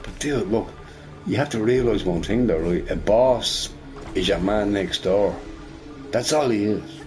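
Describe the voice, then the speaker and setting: A man's voice: lowish voice, measured pace, a little mellow, faint music behind. A middle-aged man ranting casually while he games, swearing and tagging his lines with "right?". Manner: rambling, profane, tags lines with "right?". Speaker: shop boss and gamer. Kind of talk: casual rant while gaming.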